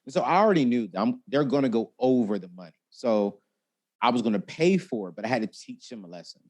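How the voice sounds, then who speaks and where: A talkative man sharing personal finance lessons in an interview. He tells his stories with lively swings in his voice and acts out the people he quotes. His delivery is expressive and easygoing. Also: medium pitch, quick pace. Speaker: guest, personal finance expert. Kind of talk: animated interview storytelling.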